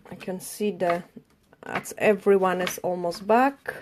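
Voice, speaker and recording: A woman's voice: lowish voice, steady tone, unhurried, a little mellow, a little hiss or hum. A woman nail artist chatting on a live tutorial stream, narrating as she tidies her desk, with non-native phrasing. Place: home work desk.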